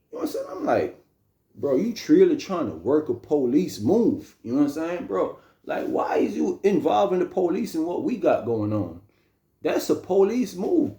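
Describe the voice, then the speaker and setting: A young man casually telling a story, animated and slangy, often repeating phrases. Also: on the high side. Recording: roomy echo.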